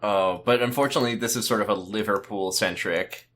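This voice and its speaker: A man's voice: on the low side, fairly bright tone. A man co-hosting a podcast, chatting casually about a TV episode with rambling, self-mocking jokes. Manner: jokey, rambling, quick self-mocking asides. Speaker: podcast co-host. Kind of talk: casual chat recapping a TV episode.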